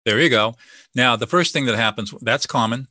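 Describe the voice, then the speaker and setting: A man's voice: medium pitch, moderate pace, sharp tone, no echo, clean studio sound. A man speaking as an expert guest in an interview, explaining listening and de-escalation in a confident, teaching way. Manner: confident, teaching, acts out sample dialogue.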